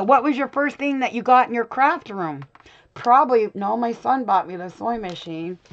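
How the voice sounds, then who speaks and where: A woman's voice: medium pitch, a bit bright, muffled recording. Chatty middle-aged woman in craft room. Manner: chatty, laughs often, talks to viewers by name. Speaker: craft channel host. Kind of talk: casual chat with live viewers.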